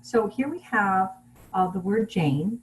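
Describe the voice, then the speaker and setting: A woman giving a relaxed online lecture over a video call, explaining things plainly with fillers and restarts. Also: medium pitch, takes it slowly, low-quality recording. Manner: casual teaching with fillers and restarts.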